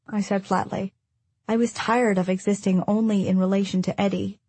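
Audiobook narrator, woman, husky voice, dry close sound, measured storytelling. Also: medium pitch, little pitch movement, warm tone, dry recording. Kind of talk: first-person audiobook narration.

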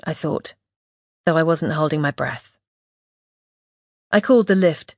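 A woman reading a first-person audiobook in a measured, wry, observant way, close to the mic. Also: deep voice, no echo. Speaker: audiobook narrator.

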